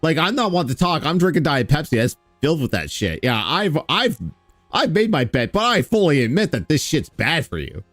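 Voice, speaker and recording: A man reacting on stream with sarcasm, profanity and mocking impressions. His pitch swings widely as he rants. The sound is dry and close, with a bit of music underneath. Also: very animated, normal speed, fairly bright tone, no room sound. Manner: sarcastic, swearing, laughing, mocking with mimicked quotes. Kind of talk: casual reaction commentary.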